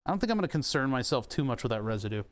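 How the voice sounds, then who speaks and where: A man's voice: medium pitch, big pitch swings, very fast. A man casually livestreaming a keyboard repair, rambling and swearing as he works. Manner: profane, rambling, self-amused. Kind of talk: casual livestream chat while working. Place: home room with air conditioning running.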